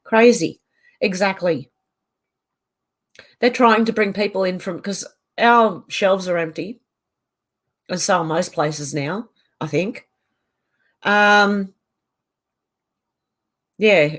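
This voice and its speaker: A woman's voice: mid-range voice, slow, long pauses. A middle-aged Australian woman chatting casually from her home on a livestream, reading out and answering viewer comments. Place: home on a mountain.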